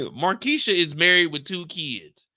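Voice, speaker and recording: A man hosting a live stream, recapping a TV episode in casual chat, animated and slangy and talking straight to his viewers. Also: fairly high pitch, a little slow, no room sound, clean studio sound. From United States. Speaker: show host recapping a TV episode.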